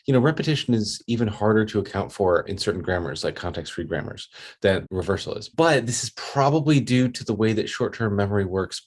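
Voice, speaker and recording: A man's voice: low voice, a little mellow, breathy edge. A man presenting research at a conference, explaining study designs in a casual, explanatory way. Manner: explanatory, acts out dialogue examples casually. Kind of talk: academic talk presentation.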